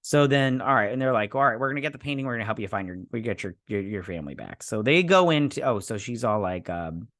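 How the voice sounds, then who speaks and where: A man's voice: mid-range voice, expressive, fast, few pauses, a bit bright, dry recording, clean studio sound. A man hosting a show review, recapping an episode in a rambling, sarcastic way with many fillers and restarts.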